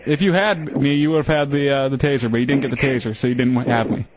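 A man co-hosting a radio show, teasing and deadpan, talking casually in the studio. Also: mid-range voice, quick pace, very noisy. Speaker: radio co-host. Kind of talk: casual talk-radio banter. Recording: dry, dull radio audio.

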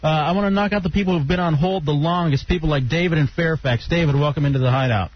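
High-pitched guy hosting late night call-in radio, jokey, muffled lo-fi sound. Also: fast, a little hiss or hum. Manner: joking, teasing callers. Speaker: radio show host. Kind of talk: casual call-in radio banter. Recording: dull lo-fi radio broadcast.

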